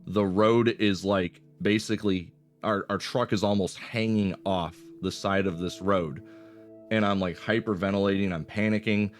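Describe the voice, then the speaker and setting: A man in his twenties casually telling a personal story, swearing often and rambling with fillers. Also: sits low. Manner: swears a lot, loose rambling delivery with fillers.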